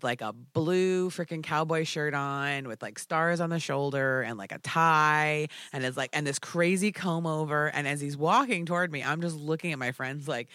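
A man casually telling a story, animated and full of fillers like "like". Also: a little high, no echo, clean studio sound. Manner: animated, filler-heavy with frequent "like".

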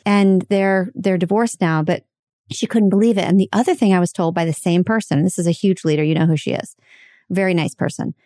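An American woman hosting a casual conversation, telling animated stories and laughing as she goes. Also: on the low side, a little fast, no room sound, studio quality. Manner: animated storyteller, laughs mid-story. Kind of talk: casual chat.

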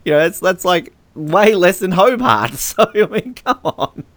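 A man's voice: sits high, animated, measured pace, fairly bright tone, no echo. A man hosting a casual podcast chat, sarcastic and often laughing. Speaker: podcast host. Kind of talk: casual chat reviewing song contest entries.

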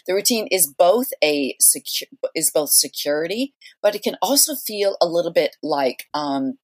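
A middle-aged woman who is a guest author on a podcast interview, speaking in a thoughtful, measured way. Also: on the low side, big pitch swings. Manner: thoughtful, measured, with soft laughs.

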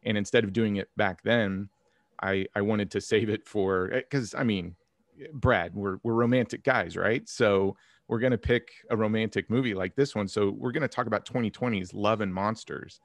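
A man in his forties co-hosting a casual podcast chat, joking and relaxed. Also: on the low side, moderate pace, no echo. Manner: joking put-on smooth voice at first, then laughing and relaxed. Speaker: podcast co-host.

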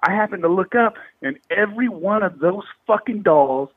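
A man in his thirties from California's Bay Area tells a paranormal story in casual, slangy talk packed with swearing, and he's animated throughout. His voice is high and slightly rough, at a normal speed. The audio has phone-quality sound with no echo.

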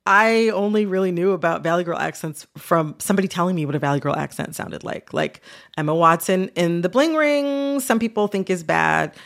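A woman hosts a relaxed podcast chat, her voice a little low and full of vocal fry. She rambles conversationally and leans on "like" and "you know.". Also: fairly quick. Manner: chatty, filler-heavy with frequent "like". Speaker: podcast host.

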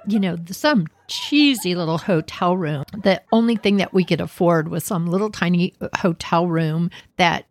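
A middle-aged woman, telling stories casually, animated and laughing as she acts out voices. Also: fairly low pitch, moderate pace, hardly any pauses, no echo. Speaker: storyteller host. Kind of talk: casual spoken storytelling.

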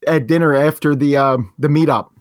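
A man's voice: fairly high pitch, fairly even intonation, normal speed, no room sound, clean studio sound. Southern-accented man chatting on a podcast. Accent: American Southern. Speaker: podcast co-host. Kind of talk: casual chat.

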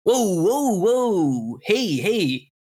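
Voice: mid-range voice, sing-song, very slow, mellow, voice pushed up, heavily acted. A game master voicing a young, laid-back male professor with a casual, drawling way of talking, in a tabletop role-playing game.

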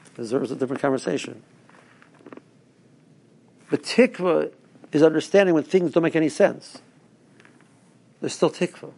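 A man's voice: on the high side, moderate pace, creaky, pauses often, a little mellow. A man, a rabbi, giving a rambling Torah talk to his listeners with stories and asides. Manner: rambling, restarts, storytelling asides.

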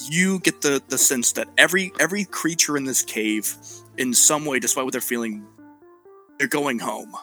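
A man narrating a tabletop game as game master, describing scenes slowly with halting restarts. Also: mid-range voice, pushed and bright, low-quality recording.

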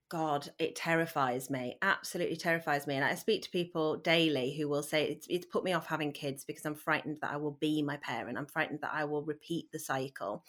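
A woman in her thirties, talking candidly and earnestly as a podcast guest, with sudden lively bursts. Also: low-pitched. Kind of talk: candid conversational talk.

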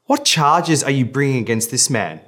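A man voicing a stern, uneasy Roman governor who fires off sharp, demanding questions. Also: mid-range voice, expressive, moderate pace, voice pushed up, close to an everyday voice.

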